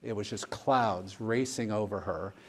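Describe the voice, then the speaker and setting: A man, a pastor, telling a personal story in a relaxed conversational way during a discussion, often retelling dialogue. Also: fairly low pitch, unhurried. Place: church.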